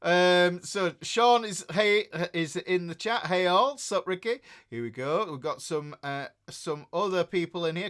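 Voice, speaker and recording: Chatty northern English man, slightly high voice. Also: a bit bright, clear, resonant tone. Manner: rambling and chatty, with many fillers and restarts. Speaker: guitar teacher hosting a livestream. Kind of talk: casual livestream chat, reading out viewer comments.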